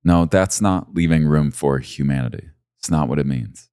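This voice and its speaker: Deep-voiced preacher with big swings. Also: male voice, moderate pace, clear, resonant tone, no echo, studio quality. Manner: swings from low, quiet to loud, high emphasis. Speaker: pastor. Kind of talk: sermon.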